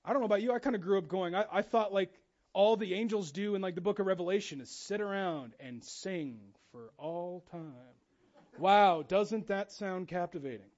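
High-voiced animated male pastor. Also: moderate pace, highs cut off. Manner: animated, acts out quotes with shifting voice. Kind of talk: sermon.

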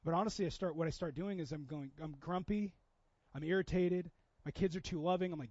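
Pastor, man, thirties, high tenor, chatty sermon delivery, dry and slightly dull recording. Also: a little fast, darkish tone, no echo. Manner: conversational preaching, acts out quoted voices.

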